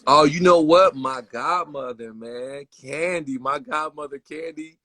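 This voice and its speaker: Chicago man, livestream guest, bright, slangy, animated storyteller. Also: on the high side, unhurried, no echo. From west side of Chicago. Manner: animated storyteller, slangy, addresses listener as bro. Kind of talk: casual livestream chat.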